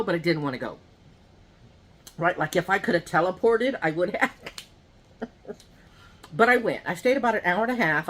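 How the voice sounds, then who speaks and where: A woman's voice: on the low side, a bit bright, husky. Chatty woman telling rambling stories. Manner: rambling, gossipy storytelling with lots of asides; talks to viewers directly. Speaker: mukbang vlogger. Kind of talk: casual chat while eating.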